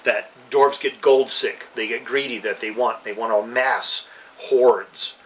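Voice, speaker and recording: A man talks in a loose, meandering way, full of "you know" and restarts. His voice is mid-pitched and sounds a little distant from the microphone. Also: steady tone, measured pace, slight background noise. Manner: rambling, many fillers and restarts. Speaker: podcast co-host. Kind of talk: casual chat about fantasy games.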